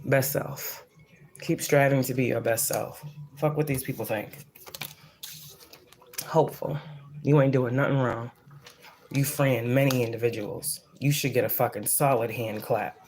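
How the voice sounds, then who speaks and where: A woman's voice: extremely low pitch, steady tone, a little slow, pauses often, darkish tone, a little hiss or hum. Blunt, cussing woman giving a psychic reading. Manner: blunt and profane, rambling, preachy; repeats phrases for emphasis. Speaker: psychic reader. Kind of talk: casual channeled spiritual reading.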